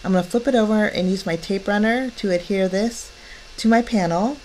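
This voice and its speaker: A middle-aged woman with a slightly low voice walks through a card-making tutorial step by step. She sounds chatty and cheerful, with easy fillers between steps. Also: a little mellow, slight background noise. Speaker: crafting channel host. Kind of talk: step-by-step craft tutorial voice-over.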